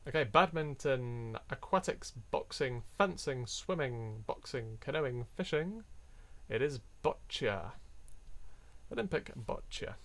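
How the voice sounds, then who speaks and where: A man's voice: mid-range voice, animated, takes it slowly, fairly bright tone. A man chatting casually on a live stream, reading out items and laughing often. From Europe. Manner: chatty, laughs often, reads out coin names. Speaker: coin hunting streamer.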